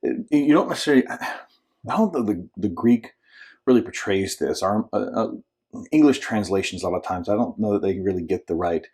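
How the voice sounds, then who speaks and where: Male minister, low husky voice, casual storytelling devotional, acts out the voices. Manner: conversational storytelling, acts out voices with sudden shouts and whispers; frequent restarts and filler asides. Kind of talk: informal short devotional talk.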